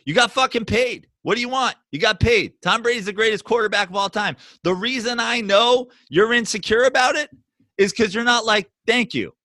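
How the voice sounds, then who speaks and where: Man, podcast co-host, heated sports debate, mocking, profane, tense bright tone. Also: a little fast, no echo. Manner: loud, mocking, profane, mimics others in shouted high voices.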